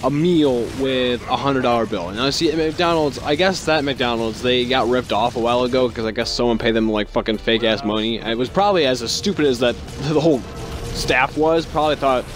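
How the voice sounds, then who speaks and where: A young man telling work stories in a casual vlog, rambling and sarcastic, swearing constantly and acting out other people with sudden jumps in pitch. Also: a little fast, over music. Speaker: vlogger.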